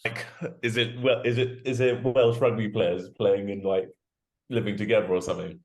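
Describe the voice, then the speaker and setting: A man's voice: on the low side, little pitch movement, normal speed, darkish tone. A man talking as a podcast guest in a casual chat, enthusiastic and rambling, with plenty of fillers. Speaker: guest, rugby prop forward.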